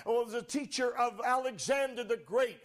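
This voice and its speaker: A man preaching a sermon, fervent, with frequent "uh" fillers and rising to shouts. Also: extremely high pitch, normal speed.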